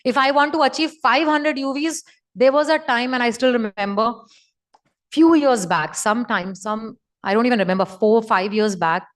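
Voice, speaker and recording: A woman's voice: a little high, moderate pace. Emphatic woman speaker. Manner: emphatic, repetitive, preaching. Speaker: motivational speaker. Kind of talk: motivational talk on a video call. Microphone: video call.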